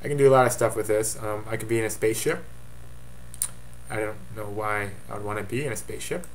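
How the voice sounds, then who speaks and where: A man's voice: on the low side, fast talker, slight background noise. A man giving a casual webcam update as commissioner of his fantasy football league, offhand and rambling with jokey asides.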